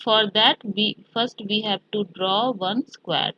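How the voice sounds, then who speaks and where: A woman teaching a maths lesson to children, explaining slowly step by step and slipping in Hindi words. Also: medium pitch, highs cut off.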